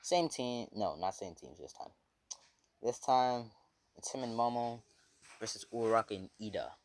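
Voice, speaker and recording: A man's voice: lowish voice, lively intonation, moderate pace. A man casually retelling a fan story, rambling with many fillers and swearing.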